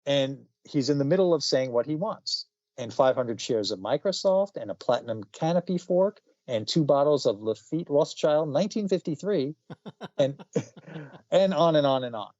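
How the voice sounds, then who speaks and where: A man's voice: mid-range voice, a little mellow, no room sound. A middle-aged man hosting a podcast, chatting casually in a rambling way with restarts and chuckles. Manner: rambling, self-correcting, chuckling asides. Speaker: podcast co-host reviewing comics. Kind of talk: casual chat. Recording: dull lo-fi sound, dry.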